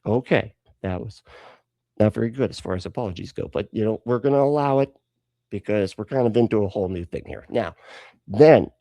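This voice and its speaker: A podcast co-host with a fairly low, gravelly, mellow voice speaks briskly through a comic retelling of a drunken story. He sounds tipsy, rambles, and keeps cutting himself off. The recording has no room sound.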